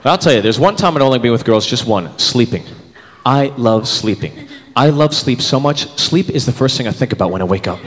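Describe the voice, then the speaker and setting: A man's voice: mid-range voice, expressive, fairly quick. A man in his thirties performing a stand-up comedy set, acting out characters in shifting voices. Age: 30s. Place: comedy club stage with live audience. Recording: live hall recording, crowd laughter.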